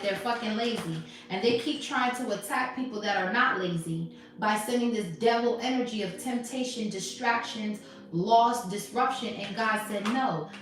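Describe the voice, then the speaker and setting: A woman's voice: on the high side, a bit bright. A woman doing a live tarot reading in a sassy, emphatic way. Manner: sassy, emphatic, laughing often. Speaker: tarot reader. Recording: very echoey room, mic far off.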